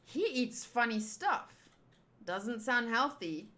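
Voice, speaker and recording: Playful woman with a bright, high voice. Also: lively intonation, a little slow. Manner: playful, giggly asides and jokes. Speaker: channel host. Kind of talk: manga readthrough with commentary.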